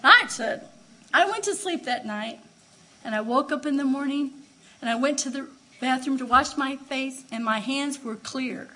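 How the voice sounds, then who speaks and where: An older woman preacher telling a personal testimony, moving from hushed storytelling to loud exclamations of praise. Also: high voice, moderate pace. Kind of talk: Pentecostal-style testimony sermon.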